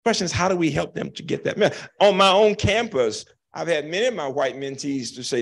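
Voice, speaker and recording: Gravelly older man telling a story. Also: on the high side. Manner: animated, emphatic storytelling with slow dramatic pauses. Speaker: keynote speaker. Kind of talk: storytelling answer to audience question. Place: lecture hall.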